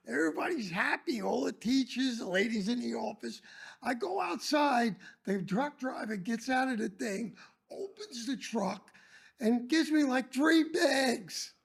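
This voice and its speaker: An older man tells old school stories in a high, raspy, gravelly voice. His delivery is loud and animated, with a lively, swooping pitch that breaks into shouts. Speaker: former teacher. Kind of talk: casual storytelling talk.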